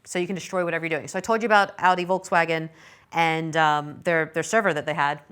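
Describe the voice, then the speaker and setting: A woman's voice: deep voice, steady tone, fast, fairly bright tone, clean tone. Chatty woman giving a tech talk. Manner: chatty, self-deprecating, apologetic asides. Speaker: conference speaker. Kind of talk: technical conference talk.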